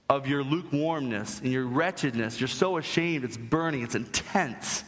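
A man's voice: medium pitch, normal speed, hardly any pauses, a bit bright. A young adult man preaching a sermon as pastor, emphatic and rising to strong stress on key points. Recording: long hall reverb.

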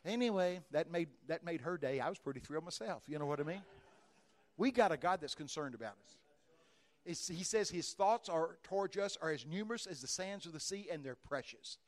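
A man preaching with a fairly high voice. He tells his stories with lots of animation, slipping into the voices of the people in them and rising to sudden shouts. The delivery is that of a sermon before a congregation. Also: fairly quick. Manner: animated, acts out dialogue and shouts in bursts of excitement. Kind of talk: sermon storytelling.

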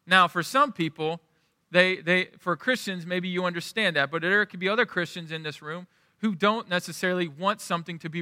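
A middle-aged man preaching in a church, his voice high and strikingly bright. He talks to the congregation conversationally and keeps checking in with them. His words ring out with a long reverb tail from the hall. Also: studio quality. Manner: conversational, asks the room "right?". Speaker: pastor. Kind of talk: sermon.

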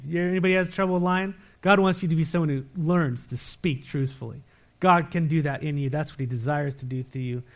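A pastor preaching a sermon, reading scripture verses aloud and pressing the congregation with direct questions. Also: male voice. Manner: swings between emphatic, louder lines and low, quiet asides.

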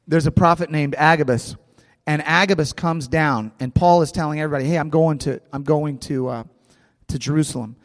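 Pastor, male, somewhat high voice, animated sermon delivery, restarts and repeats words, long hall reverb. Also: moderate pace. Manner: animated, repeats words, acts out scripture with a volunteer.

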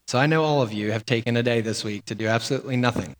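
A man's voice: mid-range voice, rapid-fire, long reverb tail. A man delivering a sermon as pastor, in a conversational way with fillers and repeated words.

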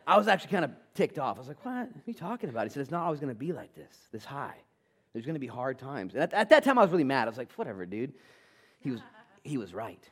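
Animated male pastor preaching a sermon. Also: medium pitch, rapid-fire, husky. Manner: animated preaching, swings from loud emphasis to soft intimate tones. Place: church sanctuary.

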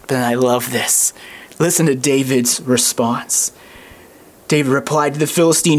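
A preacher retelling a story during a sermon. The delivery is animated and conversational, with plenty of aside remarks. The voice sits at an everyday middle pitch. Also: measured pace.

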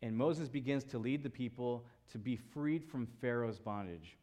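A man's voice: mid-range voice, moderate pace. A man in his thirties preaching a sermon as pastor, telling a story and acting out the people in it. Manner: storytelling, animated voices for quoted people.

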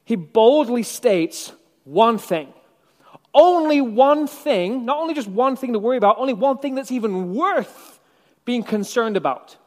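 High-voiced preacher in a reverberant hall. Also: male voice, animated, a little slow, a little mellow. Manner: conversational, reflective, wry asides. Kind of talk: sermon.

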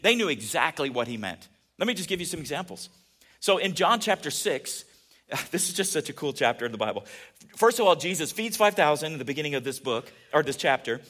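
A pastor preaching in a relaxed, conversational way, his voice sitting a bit higher than most men's. He keeps turning to his listeners with questions, dropping into quiet asides and then rising into emphatic peaks. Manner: animated, asks the audience questions, swings between soft asides and emphatic peaks. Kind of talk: conversational sermon.

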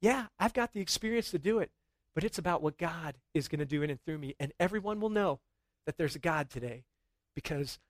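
A middle-aged man preaching a sermon in a church, earnest and rising to excited emphasis at times. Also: a little high, no echo. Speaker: pastor.

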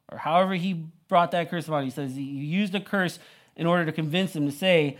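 A man's voice: a little high, a little fast. A young man preaching a sermon, retelling the story in a casual, conversational way full of "like" and "you know". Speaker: pastor.

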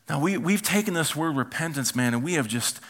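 Male pastor, bright and somewhat high voice, lively sermon delivery with sudden soft asides. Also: brisk. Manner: animated preaching, acts out quoted voices, drops to quiet asides.

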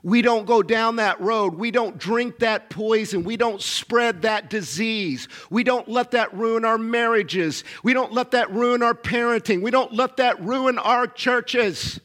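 High-voiced pastor preaching emphatically. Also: male voice, unhurried, hardly any pauses, fairly bright tone. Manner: emphatic, repetitive, calls for audience responses. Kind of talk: sermon.

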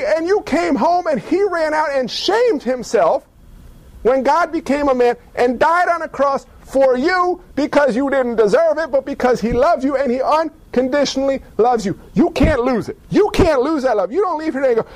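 A man with a strikingly high voice preaches to his congregation with animated energy. He talks casually, throws in slang, and keeps slipping into acted-out back-and-forths. The sound is close and dry, with no echo. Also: moderate pace. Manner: animated, acts out little dialogues, casual slang. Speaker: pastor. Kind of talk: sermon.

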